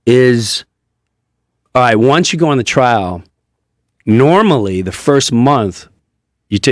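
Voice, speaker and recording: A man's voice: mid-range voice, no room sound, studio quality. A man with a New York accent, a comedian guest telling a candid personal story on a talk show, earnest and swearing, acting out what others said in changed voices.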